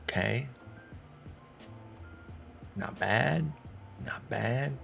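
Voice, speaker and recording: A man's voice: medium pitch, extremely slow, creaky, fairly bright tone, faint music behind. A man, thinking aloud in casual commentary as he manages a baseball team in a video game. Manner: thinking aloud, talking to himself and the players. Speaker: gaming streamer. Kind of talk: casual let's-play commentary.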